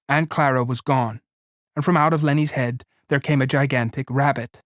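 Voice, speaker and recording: A man narrating a novel in a measured, steady reading. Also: medium pitch, dry recording, studio quality. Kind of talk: audiobook narration.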